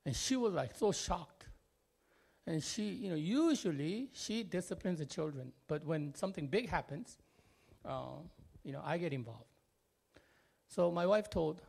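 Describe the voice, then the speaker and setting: A man from Korea telling a family story in English. His voice sits fairly high and has a gravelly edge, and his delivery is animated and expressive. He often swings from loud to quiet and fills pauses with small fillers.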